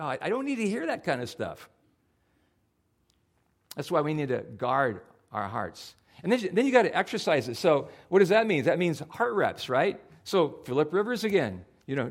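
A man preaching a sermon in a casual, conversational way, acting out his own inner thoughts as he goes. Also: a little high. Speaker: pastor.

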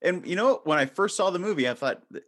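Lively man hosting a podcast. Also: high voice, quick pace. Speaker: podcast host. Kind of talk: casual interview.

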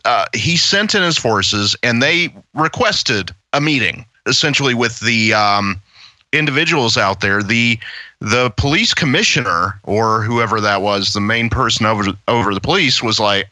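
Bright, animated man on a podcast. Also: mid-range voice, normal speed, no echo. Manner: animated, mocking, filler-heavy. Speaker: podcast co-host. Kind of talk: casual podcast commentary.

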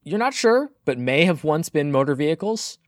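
A man's voice: fairly high pitch, big pitch swings, moderate pace, dry recording, clean studio sound. A man running a tabletop game as game master, describing scenes playfully and often laughing.

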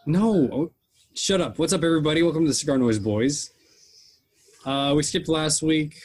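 A man's voice: fairly high pitch, moderate pace. A young man hosting a casual podcast chat, telling rambling jokey stories. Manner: rambling, joking storyteller. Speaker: podcast host.

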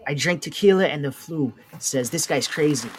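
A man's voice: on the high side, normal speed, slight background noise. A man co-hosting a casual show, cracking teasing jokes. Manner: joking, teasing banter. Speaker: co-host. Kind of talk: casual chat.

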